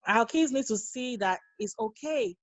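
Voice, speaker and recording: A woman's voice: fairly high pitch, animated, normal speed, dry recording, rough recording. Earnest woman telling stories, dry sound. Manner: earnest, storytelling, acts out quoted dialogue. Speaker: guest, nurse and mother. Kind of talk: casual interview conversation.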